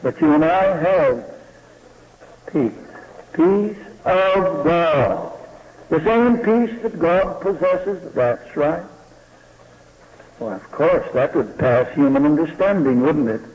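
A man preaching a sermon slowly and deliberately, often asking the listeners rhetorical questions. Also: fairly high pitch, animated. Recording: dull lo-fi recording in a reverberant hall.

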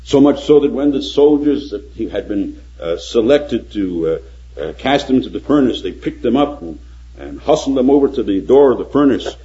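An older man preaches with dramatic flair, building to loud, ringing readings of scripture. His pitch swings widely as he tells the story. The recording is dull and lo-fi. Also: animated, normal speed. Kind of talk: sermon.

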